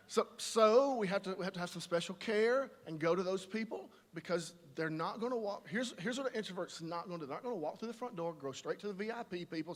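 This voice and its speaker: A man preaching a sermon, animated and conversational, slipping into quoted voices. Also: high-pitched, quick pace. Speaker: pastor. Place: large church auditorium. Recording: live church hall reverb.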